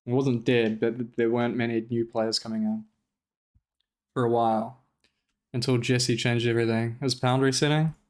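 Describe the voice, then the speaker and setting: Smooth-voiced man ranting on stream. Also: mid-range voice, normal speed. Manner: animated, profane, exasperated ranting. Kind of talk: casual stream commentary.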